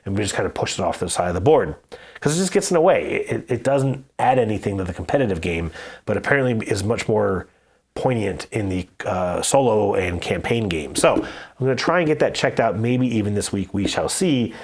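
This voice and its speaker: A man hosting a board game podcast, telling stories and giving opinions in a casual, animated way. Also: on the low side, brisk, husky. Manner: animated anecdotal storytelling. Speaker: podcast host reviewing board games. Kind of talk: casual chat.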